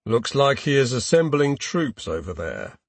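A man's voice: mid-range voice, wildly swooping pitch, unhurried, gravelly, husky, no room sound, heavily acted. A man voicing a wary male frontline soldier who mutters to himself. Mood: uneasy.

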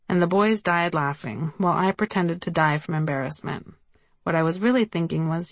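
A woman reads her memoir aloud in a wry, conversational storytelling manner. Her voice sits fairly low. The recording is dry and close, with no room sound. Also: moderate pace, no echo. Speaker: memoir narrator. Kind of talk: audiobook memoir reading.

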